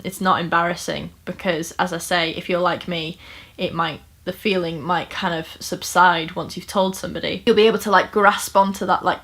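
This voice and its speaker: A woman's voice: fairly low pitch, a bit bright. A woman talking earnestly and casually to camera at home, with frequent fillers and restarts. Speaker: vlogger. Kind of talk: casual personal storytime talk.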